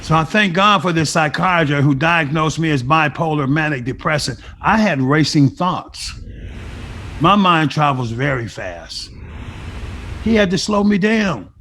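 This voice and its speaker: A man's voice: on the high side, expressive, measured pace, fairly bright tone, a little hiss or hum. A middle-aged man giving a personal testimony as an interview guest, telling his story with emphasis and acting out remembered conversations. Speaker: guest sharing a recovery story.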